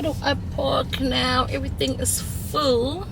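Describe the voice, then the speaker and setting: A woman's voice: mid-range voice, slow, background noise. A woman vlogging casually from a car and a dealership lot, emotional, laughing and tearful. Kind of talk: casual vlog chat. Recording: music playing clearly behind.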